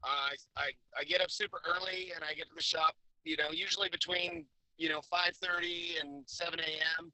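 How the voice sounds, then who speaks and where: Bright-voiced man on a robotic glitchy call. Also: fairly high pitch, fairly even intonation, brisk, hardly any pauses, no echo, poor audio. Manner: laid-back, joking, repeats words at starts. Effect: robotic glitchy connection. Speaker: guest. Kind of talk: casual chat. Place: in a vehicle on a weak connection.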